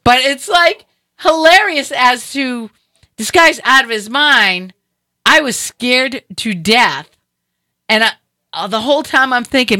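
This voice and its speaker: A middle-aged woman hosting a casual chat, telling an animated story and acting out other people's voices. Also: a little high, a little slow, dry recording.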